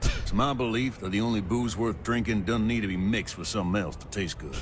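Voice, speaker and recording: An actor playing a blunt, gruff old bartender in a video game. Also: male voice, fairly low pitch, fairly quick, a little hiss or hum, close to an everyday voice. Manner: blunt, curt.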